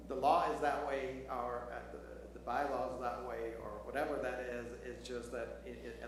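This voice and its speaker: A man, a departing trustee, giving farewell remarks in a hesitant, halting way. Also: mid-range voice. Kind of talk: farewell remarks, casual banter. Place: council chamber. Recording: very roomy, noticeable hum.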